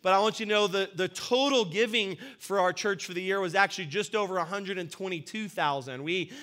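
Male pastor, high and clear, upbeat and celebratory, chatty congregational meeting delivery. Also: brisk, fairly bright tone. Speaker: senior pastor. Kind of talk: church business meeting address.

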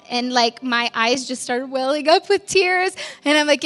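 A woman's voice: sits high, measured pace, few pauses, bright, forceful tone. A pastor's wife telling her story in a church testimony, candid and conversational, with lots of "like" fillers and little laughs at herself.

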